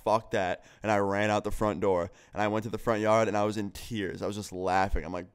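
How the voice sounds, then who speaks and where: Animated, swearing young man with a smooth voice. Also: fairly low pitch, brisk, hardly any pauses. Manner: animated, heavy swearing, lots of "like". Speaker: vlogger. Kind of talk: storytime vlog.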